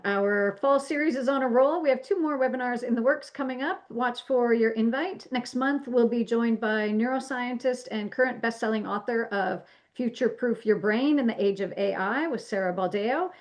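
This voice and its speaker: A woman who hosts and moderates a webinar, thanking the guest and the audience politely and graciously. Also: on the high side. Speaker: webinar host.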